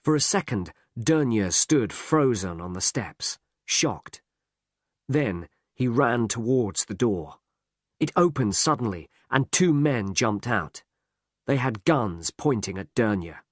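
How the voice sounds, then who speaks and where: Slow, clear male story narrator. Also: medium pitch, animated, no echo, clean studio sound. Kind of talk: scripted story narration for learners.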